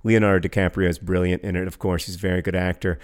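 A man's voice: low voice, little pitch movement, fast talker, clear, resonant tone. A middle-aged man co-hosting a casual podcast, rambling and self-deprecating, with frequent fillers and restarts. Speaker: podcast co-host.

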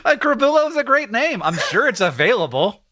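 A man co-hosting a podcast, explaining ideas casually and thinking out loud with frequent restarts. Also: very high voice, sing-song, brisk. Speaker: podcast co-host.

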